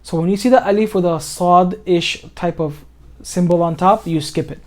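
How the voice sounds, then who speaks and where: Guy tutoring tajweed on a video call, patient, lots of ums and restarts, slows down to recite. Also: high-pitched. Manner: patient, repeats words, many fillers and restarts, slows to recite. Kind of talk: informal one-on-one lesson over screen share.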